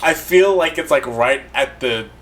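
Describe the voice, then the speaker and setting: A man's voice: mid-range voice, unhurried. Guy cohosting a podcast, jokey, cusses a lot, medium voice. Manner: swears freely, animated and joking. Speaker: podcast co-host. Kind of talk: casual chat.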